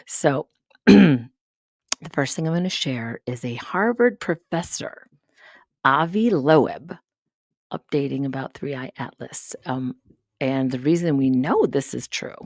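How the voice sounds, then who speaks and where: A woman live-streaming a casual monologue, sarcastic and rambling, swearing often and breaking into quick asides. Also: low-pitched, vocal fry, a little mellow, no echo, clean studio sound. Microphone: studio mic up close.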